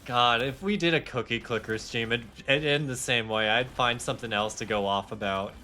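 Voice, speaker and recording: A man's voice: mid-range voice, moderate pace, pushed and bright. A young man streaming a game live, talking casually in a heated, rambling rant with swearing and self-mocking asides. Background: faint game music.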